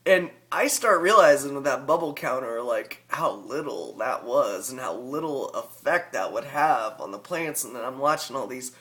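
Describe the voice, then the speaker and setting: A man's voice: medium pitch, expressive, moderate pace, few pauses, sharp tone. A man with a rural Southern US accent, talking casually and rambling in a folksy way as a hobby vlogger. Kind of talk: casual vlog talk.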